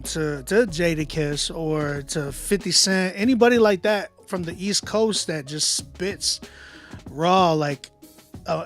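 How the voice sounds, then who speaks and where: Host type: male music reviewer, high voice, loose slangy delivery, faint music behind. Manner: animated, conversational, drops in slang and filler. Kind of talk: casual song critique, talking to viewers.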